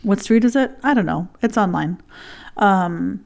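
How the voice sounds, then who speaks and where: A woman's voice: mid-range voice, measured pace, creaky, a little mellow. A woman in casual chat, telling a long, rambling story and swearing freely.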